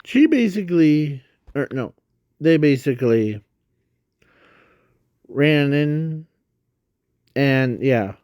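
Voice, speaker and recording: A man narrates a made-up fan story, rambling and halting and often stopping to correct himself. He speaks extremely slowly, in a middle-pitched voice. The sound is dry, with no room echo. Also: darkish tone.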